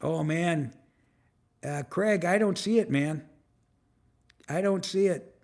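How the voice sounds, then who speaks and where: A man in his seventies talks unhurriedly on a live stream, his voice slightly high for a man and rough with fry. He rambles, swears freely and calls out viewers in the chat by name, speaking into a camera on a tripod. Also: slow pace, a little mellow. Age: 70s. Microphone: phone or camera on a tripod.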